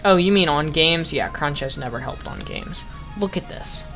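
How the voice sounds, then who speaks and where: A woman's voice: low voice, animated, normal speed, fairly bright tone, faint music behind, rough recording. A young woman chatting casually over her gameplay, often laughing in amused disbelief at what she once built. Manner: laughs often, amused and incredulous at her own old build. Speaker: game streamer.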